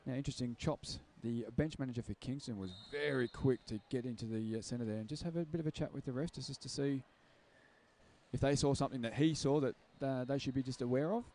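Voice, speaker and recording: A man's voice: mid-range voice, a little fast, mellow. A man giving live roller derby commentary, chatty and joking at his own expense. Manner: chatty, jokey, self-deprecating, ad-libbing. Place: sports venue.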